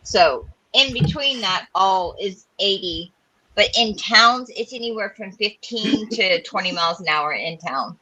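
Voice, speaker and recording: Bright-voiced woman from South Dakota. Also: medium pitch, expressive, unhurried, slight background noise, low-quality recording. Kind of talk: casual group video chat.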